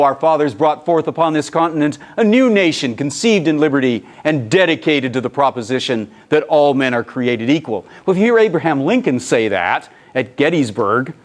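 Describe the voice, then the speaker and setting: Male presenter at a talk, middle pitch, animated storyteller who voices the people he quotes. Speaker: conference presenter. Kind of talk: lecture presentation.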